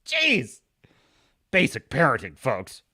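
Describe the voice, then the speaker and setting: A man hosting a live podcast, excitable and gloating, chatting with his viewers over a lot of coffee. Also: medium pitch, slow pace. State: over-caffeinated. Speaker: podcast host.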